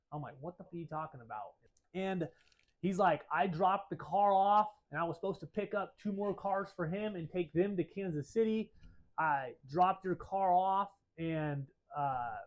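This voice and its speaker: A man with a slightly high voice tells a story straight to camera. He is animated and a bit profane, and he acts out both sides of his phone calls as he goes. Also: poor audio. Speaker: shop owner telling a story.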